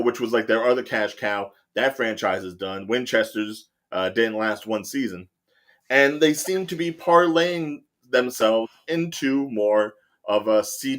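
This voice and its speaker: Rambling male podcast host. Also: fairly low pitch. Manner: rambling, lots of uh and like fillers. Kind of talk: casual podcast chat.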